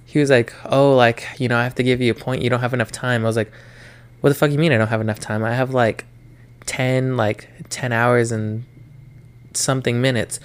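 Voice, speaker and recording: A young man with a smooth, resonant voice chats casually on a podcast. He tells stories about work with plenty of profanity and acts out his arguments with managers. His pitch sits in the middle range. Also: little pitch movement, brisk. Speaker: podcast co-host. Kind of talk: casual chat.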